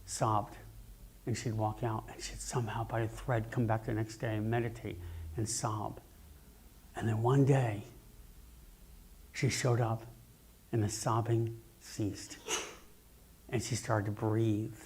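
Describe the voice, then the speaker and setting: Animated man preaching a sermon. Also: on the low side, slow pace, pauses often, breathy edge. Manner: animated, jokey storytelling preacher. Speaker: minister. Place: church sanctuary, amplified on a mic.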